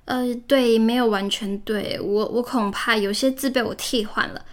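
A woman's voice: on the high side, fairly even intonation, normal speed, few pauses. A woman hosting a podcast, reading a storybook aloud and explaining it in chatty asides. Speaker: podcast host.

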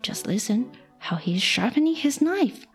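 A sly, greedy young cook, as a woman puts her on schemes in coaxing asides in a storybook reading. Her voice sits high and swings widely in pitch. There is faint music under it. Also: big pitch swings, normal speed. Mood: hushed warning.

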